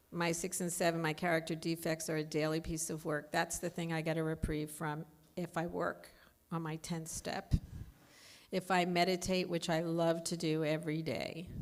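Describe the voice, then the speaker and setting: Candid woman in her fifties, lowish voice. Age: 50s. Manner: candid, animated storytelling. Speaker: recovery meeting speaker. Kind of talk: personal recovery talk at a meeting.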